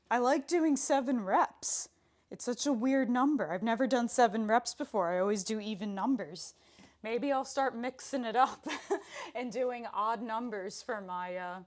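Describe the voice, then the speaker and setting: A young woman teaching a live pilates class, chatty and playful, counting reps aloud with frequent laughs and a slight breathlessness as she holds planks. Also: a little high. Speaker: pilates instructor. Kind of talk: live workout instruction.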